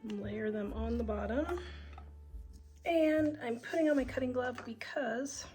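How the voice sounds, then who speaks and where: A woman's voice: on the high side, a little slow, heavy background noise. A woman hosting a casual cooking demonstration in her home kitchen, chatty and homey, talking through each step aloud. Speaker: home cook and channel host. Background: background music.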